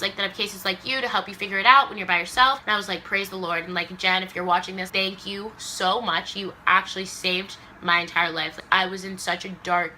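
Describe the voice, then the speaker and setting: A woman's voice: mid-range voice, sharp tone, slight background noise. A young woman from Los Angeles telling an emotional story in a casual vlog, saying "like" a lot and acting out the people she quotes. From Los Angeles area, US. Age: young adult. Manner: emotional retelling, acts out quoted voices, says "like" a lot. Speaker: vlogger.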